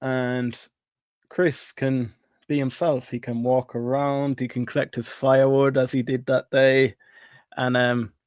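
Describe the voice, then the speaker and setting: A man's voice: medium pitch, little pitch movement, a little slow, clear, resonant tone, dry recording. Friendly man hosting, dry sound. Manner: friendly, reads chat aloud. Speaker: host. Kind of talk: casual livestream chat. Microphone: online audio call.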